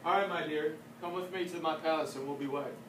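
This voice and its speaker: A man's voice: on the high side, fast, noisy background, pitched below the performer's own voice, natural voice. A man voicing a brusque, vain male emperor who talks in casual, dismissive slang. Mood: offhand. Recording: echoey room from a distance.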